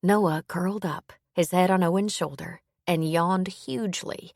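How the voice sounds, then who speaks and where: A woman narrating a romance novel in measured, even storytelling. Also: fairly low pitch, no room sound, clean studio sound. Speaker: audiobook narrator. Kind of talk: scripted narration.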